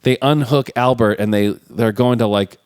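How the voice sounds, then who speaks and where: Man, podcast co-host, lively film recap, dry close sound. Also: medium pitch, moderate pace, clean tone, no echo. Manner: animated retelling, acting out quotes with laughs. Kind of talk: casual chat recapping a film.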